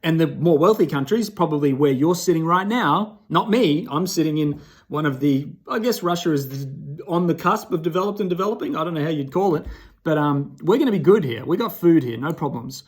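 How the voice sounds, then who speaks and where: A man's voice: on the high side, lively intonation, fairly quick, husky. A man talking casually to camera in a rambling, emphatic way, often turning to the viewer with "right?". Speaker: vlogger.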